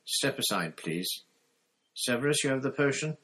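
Dumbledore, a soft-spoken old wizard, as a man reads him. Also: mid-range voice, expressive, normal speed, pitched above the performer's own voice, natural voice. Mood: calm. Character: calm, gentle old male headmaster wizard.

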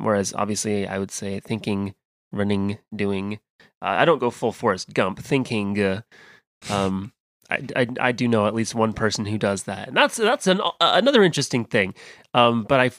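A man with a Western American accent, born in California and raised in the Midwest, co-hosting a casual podcast chat, digressive and quick to laugh. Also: lowish voice, creaky, fairly bright tone, dry recording, clean studio sound. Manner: chatty, laughs often, digressive. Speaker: podcast co-host.

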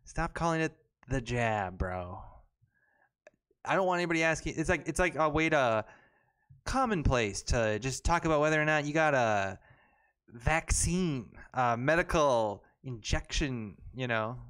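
A man's voice: mid-range voice, lively intonation, measured pace, fairly bright tone, smooth. A man co-hosting a casual podcast chat, reading an article aloud and mocking it with sarcastic asides. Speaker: podcast co-host.

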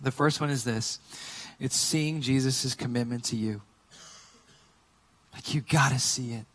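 A male pastor preaching a sermon in a casual, conversational way, moving between quiet earnest points and lively storytelling. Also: medium pitch, measured pace, long reverb tail.

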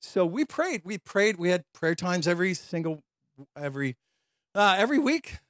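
A man preaching a sermon as a lively storyteller, acting out quoted voices and laughing as he tells a personal story. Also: high voice, moderate pace, dry recording, studio quality. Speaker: pastor.

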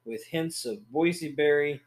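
A man's voice: on the high side, moderate pace. A man co-hosting a podcast in easygoing, agreeable casual chat. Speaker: podcast co-host.

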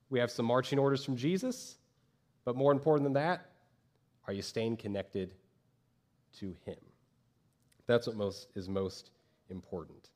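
A man preaching a sermon as pastor from a church stage, talking conversationally and acting out quoted voices with lively jumps. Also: on the low side.

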